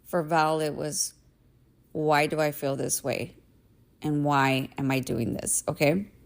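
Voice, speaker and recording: Woman podcast host, 30s, low voice with vocal fry, candid casual monologue, swears, keeps checking in with "right?". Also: fairly even intonation, slow pace. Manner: candid and emphatic, swears, says "right?" often.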